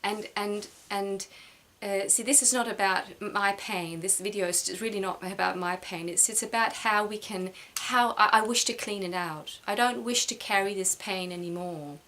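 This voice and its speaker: A middle-aged woman talks through a personal reflection to the camera, stumbling over words and starting her sentences again. She sounds close to tears, and her voice sits in an ordinary middle pitch. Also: pushed and bright. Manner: halting, repeats words, emotional. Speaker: vlogger.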